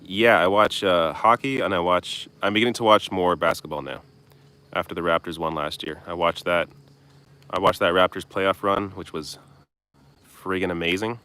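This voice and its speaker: A young man with a deep, low-pitched voice reads viewer comments aloud and answers them on a live stream. He talks bluntly and casually, tossing in the odd swear. He's recording outdoors. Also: steady tone, moderate pace, pushed and bright. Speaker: political commentary host. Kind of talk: live stream Q&A reading chat.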